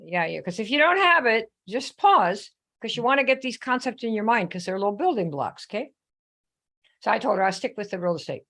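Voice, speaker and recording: Woman, live coaching host, middle pitch, chatty, animated storyteller, asks viewers questions. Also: brisk. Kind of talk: live online coaching talk.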